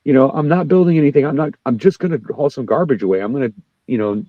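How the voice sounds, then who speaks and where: Fast-talking, foul-mouthed man on a dull lo-fi call line, dry sound; casual podcast co-host. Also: no room sound. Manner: profane, ranting, quick, jumps up in pitch when worked up. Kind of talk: casual chat.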